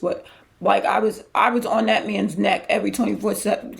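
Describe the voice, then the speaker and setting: A woman with a heavily gravelly, fry-laden voice at a middle pitch tells her own faith story as a podcast host. She talks candidly and emotionally, in loose conversational runs that restart mid-thought. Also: steady tone, normal speed. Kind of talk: personal faith testimony.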